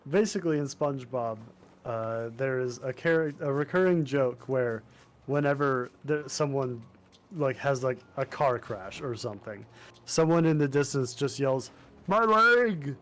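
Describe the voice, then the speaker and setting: A man's voice: medium pitch, moderate pace, a little mellow. A man chatting on a gaming stream, explaining things and laughing often. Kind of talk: casual gaming stream chat.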